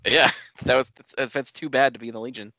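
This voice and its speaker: A man's voice: medium pitch, fairly even intonation, fairly quick, creaky, bright, forceful tone, no room sound. A man co-hosting a casual podcast, laid-back and swearing as he chats. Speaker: podcast co-host. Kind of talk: casual wrestling chat. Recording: dull, lo-fi dry sound.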